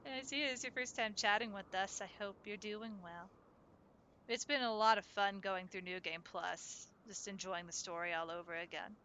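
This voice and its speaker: A woman's voice: mid-range voice, steady tone, moderate pace, pushed and bright, a little hiss or hum. A woman streaming a story game live, chatting with viewers as she plays and laughing often. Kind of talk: live let's-play commentary.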